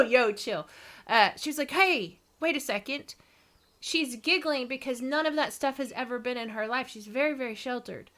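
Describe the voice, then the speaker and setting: A woman chats casually with her viewers, rambling and poking fun at herself. She laughs often. Her voice sits a bit high and rings bright. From East Texas. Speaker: streamer reading viewer comments. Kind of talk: casual chat.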